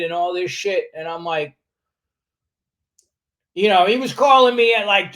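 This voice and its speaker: A New Yorker in his 60s, appearing as a guest on a podcast, tells a story in a casual interview. His voice sits high for a man, and he's animated and streetwise, swearing freely and acting out other people's lines.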